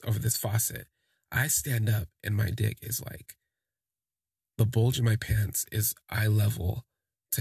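A man's voice: lowish voice, creaky, darkish tone, husky, dry recording, studio quality. A man telling a first-person story in a casual, rambling way, full of "like" and "you know". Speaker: podcast storyteller.

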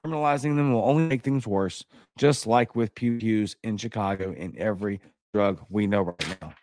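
A man hosting his own political talk show, ranting in a heated, sarcastic and blunt way, his pitch jumping up when he gets outraged. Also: normal speed, a little mellow. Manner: blunt, insulting. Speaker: host of a political commentary show. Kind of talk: ranting commentary.

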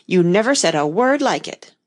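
A woman's voice: on the low side, sing-song, moderate pace. A woman voicing a pompous, argumentative egg-shaped man in a storybook reading. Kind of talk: audiobook reading.

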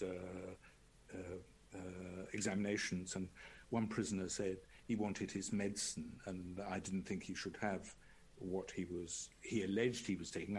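A man's voice: deep voice, darkish tone, slight background noise. Wry man telling stories. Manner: wry, chuckles while telling anecdotes. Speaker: guest, former prison doctor. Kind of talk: conversational storytelling.

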